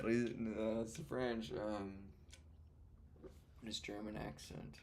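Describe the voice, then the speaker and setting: Slow, gravelly-voiced man thinking aloud. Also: lowish voice, very animated, darkish tone, slight background noise. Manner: thinks aloud, muttering and trailing off. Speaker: beginner programmer. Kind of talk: casual screen-recorded coding session.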